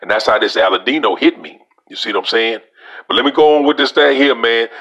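A man's voice: medium pitch, a little fast, bright, forceful tone. Folksy Louisiana man reviewing cigars. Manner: folksy, talks straight to viewers as y'all. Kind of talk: casual cigar review vlog.

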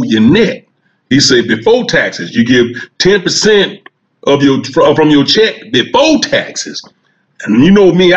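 A man spins a long, drawling comic story and voices each side of the conversation himself. His voice sits a little high, and the recording is dull and muffled. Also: a bit bright. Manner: folksy, drawling Southern storytelling with quoted dialogue. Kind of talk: storytelling stand-up monologue.

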